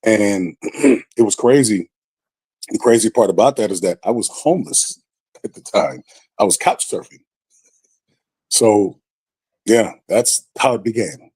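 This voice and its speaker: A man with a low, mellow voice tells a story on a podcast, casual and animated, and he puts on lively voices for the people he quotes. The sound is dry and close. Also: unhurried, pauses often, husky, no echo. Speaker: podcast guest.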